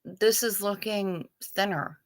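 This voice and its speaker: A woman's voice: medium pitch, slow, dry recording. A middle-aged woman hosting a casual livestream, chatting with viewers in a wry, self-deprecating way. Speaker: livestream host. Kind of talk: casual livestream chat reading chat.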